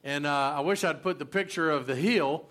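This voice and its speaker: Man, pastor preaching a sermon, chatty and halting, fairly high voice. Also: fairly bright tone. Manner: conversational preaching with many fillers and restarts.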